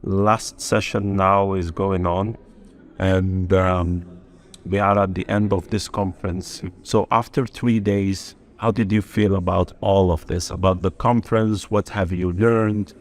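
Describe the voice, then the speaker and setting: A man hosting a podcast, asking questions in a halting way, searching for words. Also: sits low, steady tone. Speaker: podcast host, English teacher. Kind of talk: interviewing.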